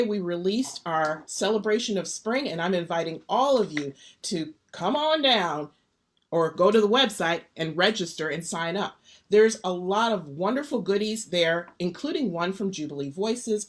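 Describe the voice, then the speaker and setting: Upbeat woman hosting a live stream. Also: mid-range voice. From Detroit area. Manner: warm, upbeat, lively greeter. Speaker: host.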